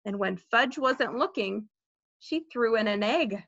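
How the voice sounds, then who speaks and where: A woman teacher reading a children's novel aloud with expressive storytelling, in a dull lo-fi recording. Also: fairly high pitch, unhurried, no room sound. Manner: expressive storytelling, with light laughs.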